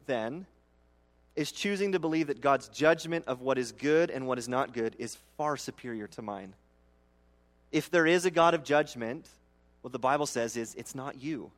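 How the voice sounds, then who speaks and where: A pastor delivering a sermon in a somewhat high-pitched male voice. He keeps it conversational, tossing in rhetorical asides to the audience and acting out the complaints of everyday people. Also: fairly bright tone.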